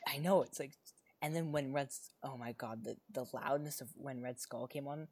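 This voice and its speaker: Excitable rambling podcast co-host. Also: mid-range voice, moderate pace, slightly rough. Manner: excitable, rambling with many fillers and restarts. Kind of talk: casual chat.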